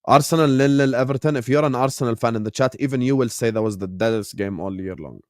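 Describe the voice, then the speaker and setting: A man's voice: on the low side, quick pace, darkish tone, no echo, clean studio sound. A man with a Jordanian Arabic accent, hosting a casual live-stream watchalong while a bit sick, bantering with viewers and switching between English and Arabic. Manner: bantering with viewers, reading out chat names. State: a bit sick, on cough syrup. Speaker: watchalong host.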